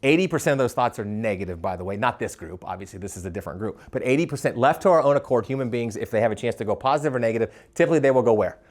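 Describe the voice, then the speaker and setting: A man giving a live leadership workshop, animated, asking the audience questions and stumbling over quick restarts. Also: mid-range voice. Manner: animated, asks the crowd questions, stammers on restarts. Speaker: leadership speaker.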